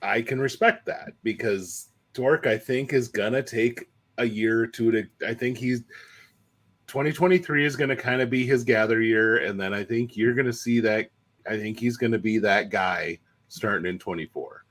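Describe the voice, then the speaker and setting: A man's voice: mid-range voice, normal speed, a bit bright. A man co-hosting a sports podcast, talkative in casual analysis, often hedging and restarting his sentences. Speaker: podcast co-host.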